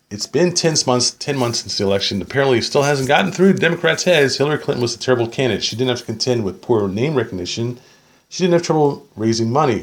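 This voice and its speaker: A man reading an article aloud and arguing with it point by point, sarcastic, often tagging his points with "okay?". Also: mid-range voice. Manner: sarcastic asides. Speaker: political commentator.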